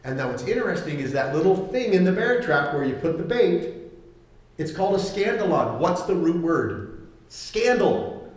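A male pastor delivering a sermon in a lively, conversational way, slipping into little acted-out voices as he makes his points. His voice sits a bit high for a man and rings out through a very echoey church hall. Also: normal speed. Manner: conversational, animated, acts out quoted voices.

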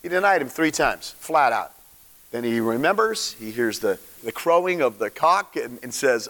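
A man preaching a sermon in a casual, animated storytelling way, using slang and acting out the characters. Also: medium pitch, normal speed, big-room sound. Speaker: pastor.

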